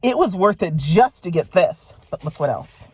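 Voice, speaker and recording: A middle-aged woman talks casually to her viewers while she opens a parcel. Her pitch swings up and down in a lively way. She gushes and speaks straight to her audience. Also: moderate pace, slight background noise. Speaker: vlogger. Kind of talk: casual unboxing chat. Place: at a private mailbox.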